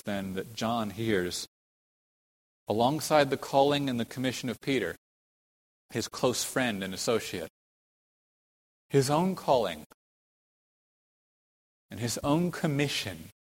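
A man's voice: mid-range voice, in a large hall, poor audio. A man preaching an expository sermon, stressing key words emphatically and posing rhetorical questions. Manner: emphatic, rhetorical questions, slow deliberate phrasing with sudden stresses.

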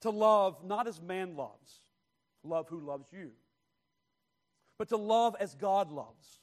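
A man preaching a sermon, speaking in slow, stressed phrases that swing from quiet to loud. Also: high-pitched, animated. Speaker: pastor.

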